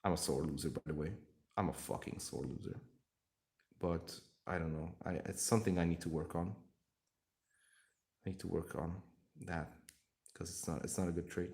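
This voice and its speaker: A man's voice: low-pitched, steady tone, moderate pace, gravelly, long pauses, darkish tone. A young man chatting casually on a live stream while painting miniatures, rambling, jokey and swearing freely.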